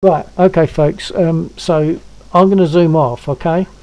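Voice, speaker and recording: A man's voice: on the high side, steady tone, unhurried, a little mellow, dry recording, poor audio. A man in his seventies hosting a stream, chatting casually and coaxing a friend to try something. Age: 70s. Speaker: stream host. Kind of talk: casual chat.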